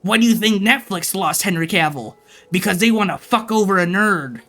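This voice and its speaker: A man's voice: high-pitched, moderate pace, bright, forceful tone, soft background music. A man livestreaming, ranting casually and profanely to his chat.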